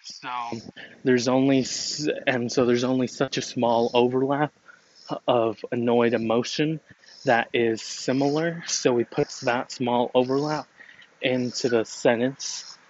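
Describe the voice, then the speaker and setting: A man's voice: mid-range voice, fairly even intonation, unhurried. A man talking casually in a rambling, hesitant way, full of fillers and restarts. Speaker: storyteller explaining a family matter. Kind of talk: casual monologue. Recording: dull lo-fi recording with clear background noise.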